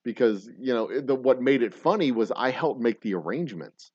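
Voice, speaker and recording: A man's voice: medium pitch, expressive, a little fast, darkish tone, breathy edge, no room sound. A man hosting a casual show, rambling through a profane story with many restarts. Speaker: host. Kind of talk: casual chat. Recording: slightly dull lo-fi audio.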